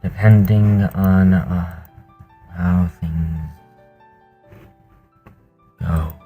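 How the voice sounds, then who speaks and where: A man chatting on his stream while still out of breath, halting and trailing off between sighs. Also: deep voice, fairly even intonation, dark tone, breathy edge, soft background music. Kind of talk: casual stream chat.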